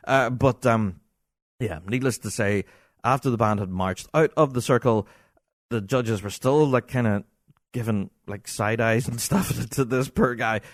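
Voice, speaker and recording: A man with a Scottish accent hosting a podcast, telling an exasperated, animated anecdote in casual talk. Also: mid-range voice, dry recording, studio quality. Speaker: podcast host.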